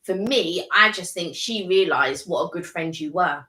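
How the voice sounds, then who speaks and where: A woman's voice: fairly low pitch, moderate pace, sharp tone, echoey room. An English woman co-hosting a casual live-stream chat, talking in rambling runs that restart and trail off. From England. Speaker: co-host.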